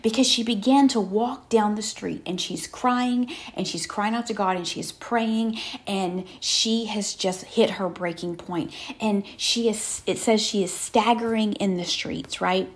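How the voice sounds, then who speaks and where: A woman in the middle of a sermon, speaking in an earnest, conversational way. Her pitch sits at an ordinary middle level for a woman. She keeps checking in with her listeners, tossing out "right?" as she goes. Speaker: preacher.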